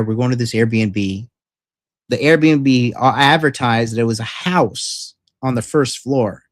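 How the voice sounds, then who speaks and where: A man vlogging, retelling a rough experience in a rambling, profane, frank way with lots of fillers. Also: medium pitch, dry recording. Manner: frank and emphatic. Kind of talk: casual storytelling vlog.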